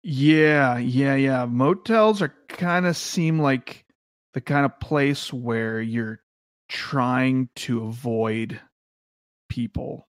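A man co-hosting a casual chat, retelling a story in a rambling, halting way. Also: medium pitch, no echo. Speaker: podcast co-host. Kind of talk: casual chat about a comic.

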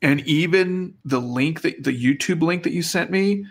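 A man's voice: a little high, unhurried. A man co-hosting a podcast in casual chat, hesitant and full of fillers. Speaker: podcast co-host.

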